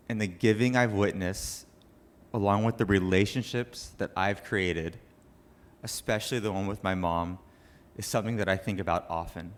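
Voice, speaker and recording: A man's voice: low-pitched, fairly even intonation, moderate pace. A young man, a cancer survivor, giving an earnest and emotional speech to an audience at a charity event. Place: banquet room with an audience.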